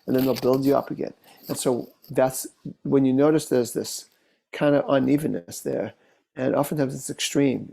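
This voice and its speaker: A male therapist talks through cases in a relaxed, unhurried teaching style, sharing case stories. His mid-pitched voice is mellow and dark with a gravelly texture, and he speaks casually, pausing on fillers and restarting sentences.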